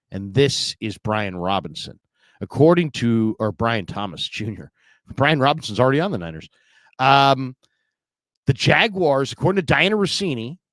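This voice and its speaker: Guy hosting a live sports show solo, rambly and chatty, mid pitch, dry sound. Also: fairly bright tone, no echo. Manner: rambling, chatty, with fillers and restarts. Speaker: podcast host. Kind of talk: solo casual livestream chat.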